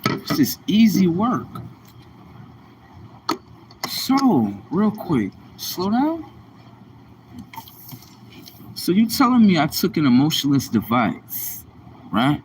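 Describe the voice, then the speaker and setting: A man's voice: a little high, slow pace, pauses often, background noise. A man hosting a live stream, talking to himself in a rambling, repetitive way with casual slang. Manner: animated, repetitive self-talk with slang. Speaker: livestream host.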